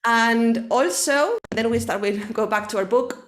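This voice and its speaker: A woman whose first language is Spanish, teaching English to a single student online. She explains slowly, checks in with a frequent "okay?" and slips into Spanish for quick clarifications. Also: fairly high pitch. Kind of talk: online one-to-one English lesson.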